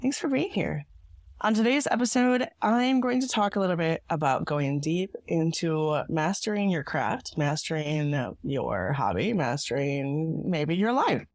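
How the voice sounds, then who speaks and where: A woman hosting her own podcast, talking in a reflective, earnest way with a hoarse, gravelly voice from being sick. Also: deep voice, darkish tone, no room sound. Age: adult parent. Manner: reflective and earnest, with small laughs. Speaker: podcast host. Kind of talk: solo podcast monologue.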